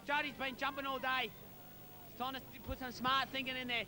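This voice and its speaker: High-pitched partisan footy caller. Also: male voice, little pitch movement, a little fast. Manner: partisan, shouts encouragement to players. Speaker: club commentator. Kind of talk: amateur football commentary. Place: outdoors at a suburban football ground.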